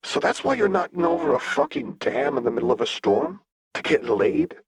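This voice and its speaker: A man's voice: mid-range voice, sing-song, moderate pace, breathy edge, no echo, studio quality, pitched above the performer's own voice, full character voice. A man voicing a wary, sarcastic young male rebel in an audiobook, cursing and incredulous.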